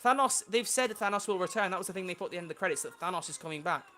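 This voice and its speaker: Young streamer at home, chatty and bright-toned, easily flustered. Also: male voice, sits high, expressive, very fast, soft background music. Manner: chatty, flustered by tech trouble. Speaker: livestreamer. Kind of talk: casual livestream chat.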